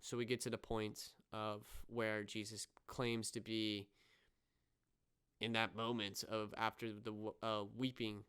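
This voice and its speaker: A man's voice: fairly low pitch, level tone, measured pace, fairly bright tone, smooth. A young man co-hosting a podcast, earnestly retelling scenes of a show in a casual review with many ums and restarts. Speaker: podcast co-host.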